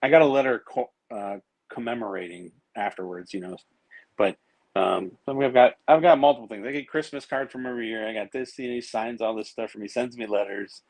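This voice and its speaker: A man's voice: on the low side, fairly quick, darkish tone, no room sound, rough recording. A man guesting on a podcast, telling long, rambling stories with plenty of fillers and some swearing. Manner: rambling, profane, many fillers and restarts. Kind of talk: casual storytelling.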